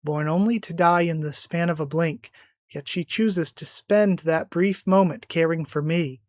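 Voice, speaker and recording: A reader voicing an ancient time-bending magic, calm and solemn, in a plain everyday voice. The sound is close and dry, with no room around it. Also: medium pitch, measured pace, no echo, natural voice.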